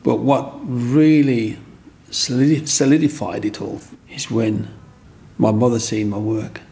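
A man, telling rambling, animated stories from his childhood in an interview and acting out other people's voices. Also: medium pitch, a little slow. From Black Country, England. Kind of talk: storytelling interview.

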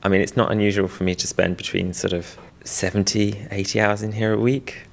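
Low gravelly-voiced man, wry and rambling. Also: level tone, brisk. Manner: self-deprecating, chuckling, rambling. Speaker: weaver restoring old looms. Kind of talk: documentary interview.

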